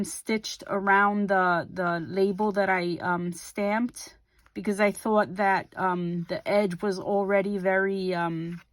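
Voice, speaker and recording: A middle-aged woman hosting a craft video, calmly describing her journal page by page with frequent ums and small self-corrections. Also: medium pitch. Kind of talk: casual craft flip-through narration.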